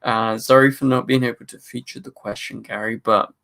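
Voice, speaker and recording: A man's voice: mid-range voice, steady tone, fairly quick, creaky, fairly bright tone. A young man hosting a casual live stream, chatting, joking and reading viewer comments aloud.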